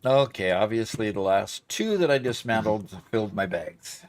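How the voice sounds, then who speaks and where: Easygoing man with lively pitch. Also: normal speed. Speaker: streamer host. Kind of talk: casual stream banter.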